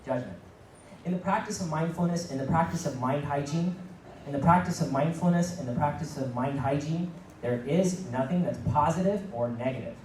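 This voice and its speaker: A man's voice: on the high side, brisk, darkish tone, slight background noise. Middle-aged man giving an echoey keynote. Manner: repeats phrases for emphasis; acts out quoted dialogue. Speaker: keynote speaker. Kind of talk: motivational keynote talk. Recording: echoey room, mic at a distance.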